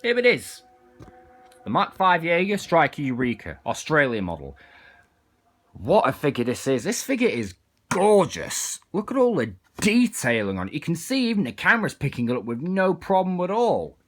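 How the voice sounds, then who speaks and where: A man's voice: a little high, huge pitch swings, moderate pace. A man casually reviewing an action figure, chatting as he demonstrates its parts. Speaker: toy reviewer.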